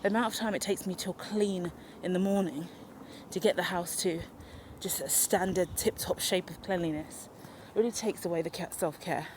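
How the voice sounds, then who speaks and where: A woman's voice: on the low side, moderate pace, a little hiss or hum. Rambling woman vlogging outdoors. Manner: rambling, animated and self-mocking. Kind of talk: unscripted walk-and-talk vlog. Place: outdoors in a park or woodland. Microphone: handheld camera while walking.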